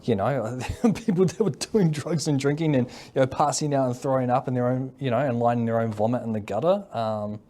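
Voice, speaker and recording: Fairly quick and with few pauses, this medium-pitched, dark-toned voice belongs to a Kiwi mental health worker. He talks casually in an interview, wandering off track and leaning on fillers and tag questions like "eh?"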